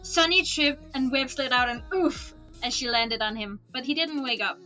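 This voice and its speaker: Woman reading a storybook, relaxed, casual asides, high bright voice. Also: moderate pace, soft background music. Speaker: streamer reading a book aloud. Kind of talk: storybook read-aloud.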